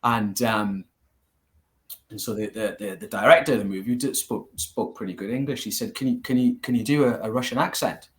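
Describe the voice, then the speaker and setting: Geordie male guest, martial arts teacher, animated storyteller, mid pitch. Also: a little fast. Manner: storytelling, animated, laughs easily. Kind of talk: casual interview.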